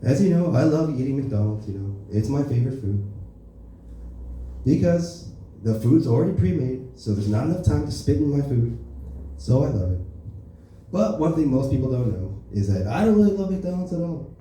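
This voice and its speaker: A man's voice: mid-range voice, sing-song, normal speed, warm tone, slight background noise, close to an everyday voice. A man doing a stand-up impression of a boastful, crude older male politician, brash and rambling, at an open mic. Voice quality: brash, rambling, self-important. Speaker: stand-up comedian. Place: comedy club open mic. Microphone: stage microphone. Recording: echoey room from far off.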